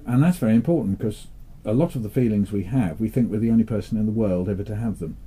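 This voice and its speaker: An older man from England chats in a relaxed interview, dry and playful, slipping into animated storytelling. His voice is very dark and mellow, with a husky edge, sitting a little low in pitch. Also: fast. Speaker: interviewee, children's author. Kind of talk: relaxed interview chat with joke-telling.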